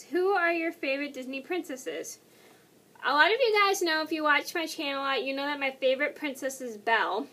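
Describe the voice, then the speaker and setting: Chatty high-voiced young woman vlogger. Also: a bit bright. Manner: rambling, self-correcting, chatty. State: tired and yawning. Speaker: YouTuber. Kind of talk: casual vlog answering tag questions.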